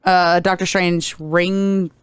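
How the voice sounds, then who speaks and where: A woman co-hosting a casual movie chat who retells scenes with animated, acted-out quotes. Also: on the low side, slow pace, smooth, no room sound. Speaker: co-host.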